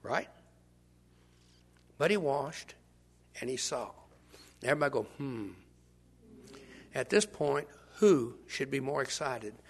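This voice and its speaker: An older man preaching a sermon, shifting from hushed asides to shouts as he acts out scenes. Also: medium pitch, a little slow, gravelly, long pauses, slightly rough. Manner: animated, swings from hushed to shouting, acts out bystanders.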